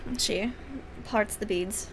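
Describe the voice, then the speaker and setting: A woman's voice: medium pitch, slow pace. A woman running a tabletop game as game master, chatting casually with fillers and narrating scenes in an upbeat way. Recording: faint background noise.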